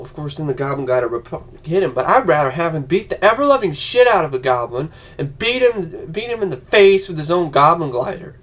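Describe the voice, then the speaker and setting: A man ranting on a vlog, profane and heated, slipping into mocking voices. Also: fairly high pitch. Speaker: vlogger.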